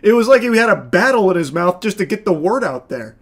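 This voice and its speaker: A man's voice: sits high, sing-song, a little fast. A man streaming casual reaction commentary, sarcastic and exasperated, swearing often as he picks apart a clip.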